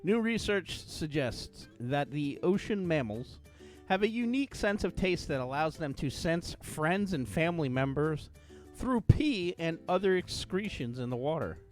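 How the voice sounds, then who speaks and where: Playful male podcast host, animated and highish, faint music under. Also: measured pace, few pauses. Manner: jokey, playful, reads news aloud. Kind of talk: casual podcast chat.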